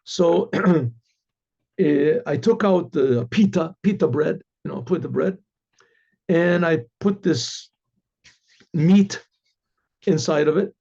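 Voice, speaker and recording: A man with a high, husky voice tells a story as a rabbi, acting out the people in it and often clearing his throat and restarting words. His tone is mellow and dark. The recording is dull and lo-fi. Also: slow pace, pauses often. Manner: animated retelling with acted quotes, frequent throat-clearing and restarts. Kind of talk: storytelling talk.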